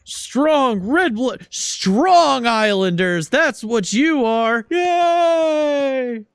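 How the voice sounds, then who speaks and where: A man voicing a bigoted male politician giving a loud, pompous rally speech. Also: very high voice, lively intonation, extremely slow, smooth, dry recording, studio quality, voice pushed up, full character voice. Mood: rousing. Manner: loud, pompous, crowd-rousing.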